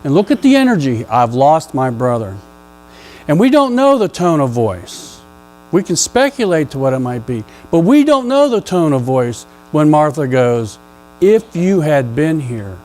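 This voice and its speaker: A male pastor preaching a sermon in a church, conversational and playful with the congregation, rising to loud emphatic questions. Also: on the high side, sing-song, normal speed, poor audio. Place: church sanctuary.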